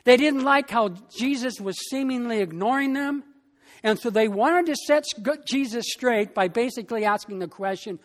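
A pastor preaching a sermon in a slow, emphatic way, with long pauses between phrases. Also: mid-range voice, big-room sound.

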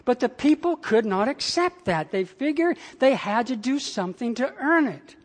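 A pastor preaching a sermon with slow, emphatic phrasing and big swings in pitch and loudness, speaking in a church. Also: expressive, long reverb tail.

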